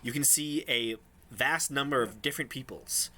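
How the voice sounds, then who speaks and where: A man's voice: mid-range voice, normal speed, bright, forceful tone. A man narrating as game master in a casual, hesitant way with many ums.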